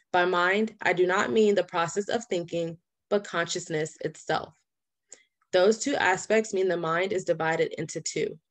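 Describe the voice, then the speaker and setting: A woman reading a nonfiction book aloud in a steady, deliberate way. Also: on the low side. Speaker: audiobook reader.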